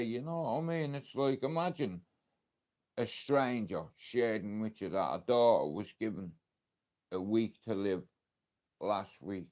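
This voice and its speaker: An Irish man with a medium-pitched, slightly mellow voice is livestreaming, talking casually as he tells a story. He's blunt and emotional and swears often.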